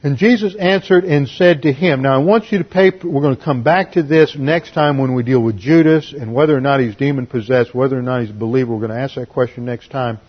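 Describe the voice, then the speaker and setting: Male pastor, husky mid voice, emphatic verse-by-verse teacher, muffled lo-fi sound. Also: mid-range voice, a little fast, few pauses. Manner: emphatic, spells out Greek words. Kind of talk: expository Bible teaching.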